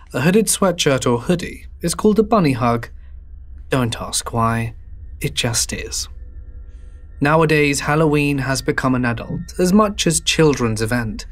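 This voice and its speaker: A man narrating a horror story in a low, hushed, drawn-out delivery.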